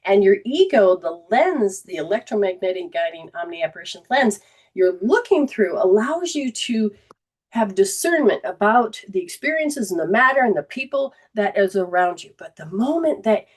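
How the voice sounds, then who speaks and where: Female metaphysical teacher, livestream host, mid-pitched, rambling and repetitive, acts out quotes. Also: expressive, normal speed. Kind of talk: livestreamed spiritual talk.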